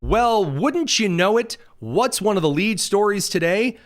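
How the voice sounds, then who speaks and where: A man's voice: sits high, animated, unhurried. A man hosting a political commentary livestream from a studio, talking with sarcastic, mocking asides. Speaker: host.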